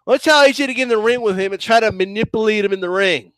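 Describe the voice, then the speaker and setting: A man rants through heated boxing commentary, combative and profane, circling back to the same points. His voice sits high. The sound is dry and close. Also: fast, fairly bright tone, clear, resonant tone, no echo. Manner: combative, profane, repetitive ranting.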